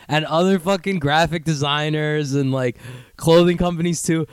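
A young man hosting his own podcast, ranting in a profane, rambling, self-mocking way and sometimes doing mocking high voices. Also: fairly even intonation, moderate pace, clear, resonant tone, no room sound, studio quality. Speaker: podcast host. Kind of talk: casual solo podcast rant.

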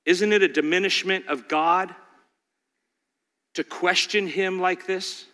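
High, bright-voiced preacher in a hall. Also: male voice, takes it slowly. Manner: animated preaching, rhetorical questions, acting out voices. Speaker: pastor. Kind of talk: sermon.

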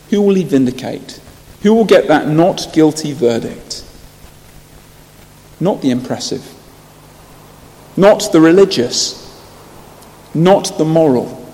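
A man preaching a sermon, telling stories earnestly and rising to loud emphasis. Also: mid-range voice. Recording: long hall reverb.

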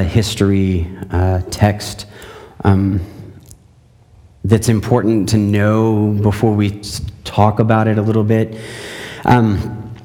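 A man, a pastor, giving a conversational sermon with a scripture reading, often pausing with fillers and restarts. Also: on the low side, dark tone, in a large hall.

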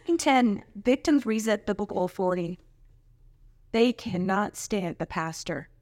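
A woman speaking at a women's church conference, preaching with humor, laughing often and jumping into high mocking voices. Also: expressive, measured pace, a little mellow, no room sound.

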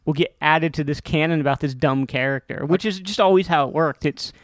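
A man with a fairly high, cartoonish voice chats as a guest on a podcast. He talks haltingly, often breaking off and starting his sentences again. The recording is close and dry. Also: no echo. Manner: halting, self-interrupting, with frequent restarts. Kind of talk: casual interview chat.

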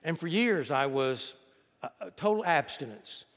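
A man's voice: fairly high pitch, lively intonation, normal speed, fairly bright tone, in a large hall. A pastor delivering a sermon to his congregation, reading scripture aloud and calling on them to repeat words back. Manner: preaching, reads scripture aloud and leads the congregation in call-and-response. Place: church sanctuary.

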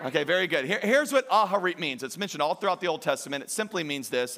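High-voiced emphatic pastor. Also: male voice, animated, quick pace, hardly any pauses. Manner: emphatic, rises to near-shouting peaks and drops to quiet asides; jokes with the congregation. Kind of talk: sermon.

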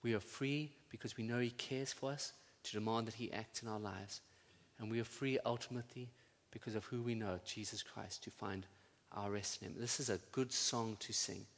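A pastor preaching a sermon to his congregation, building to loud fervent peaks and then dropping to quiet, tender prayer. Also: lowish voice, steady tone, moderate pace, hardly any pauses. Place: church. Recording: church sound with long reverb.

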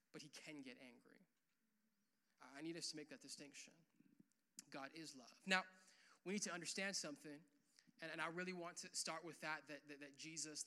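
A young adult man preaching a sermon in a casual, animated way, full of "like" and "uh", swelling louder on key points. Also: a little high. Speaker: pastor.

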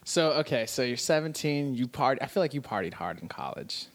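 A man from Arizona hosting a casual chat, playful, with quick interjections. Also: mid-range voice, sing-song. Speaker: host.

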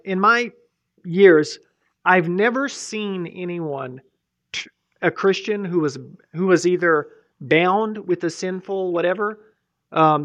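A man's voice: fairly high pitch, fairly bright tone. A male pastor preaching a sermon in a loose, rambling way, full of asides and restarts. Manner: rambling, informal, many fillers and restarts. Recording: muffled lo-fi recording.

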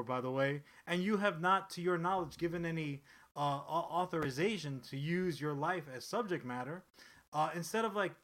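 Sharp-voiced man telling a rambling story. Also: on the high side. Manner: rambling, profane, animated storytelling with frequent restarts. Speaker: podcast co-host. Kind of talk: casual chat.

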